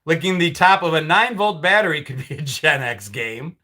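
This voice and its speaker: A middle-aged man hosts a live stream in a loose, conversational way, reacting to viewer comments with dry, sarcastic asides. His voice sits high and sounds bright and forward, and he often restarts his sentences. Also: lively intonation, brisk. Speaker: livestream host. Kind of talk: casual chat reading live comments.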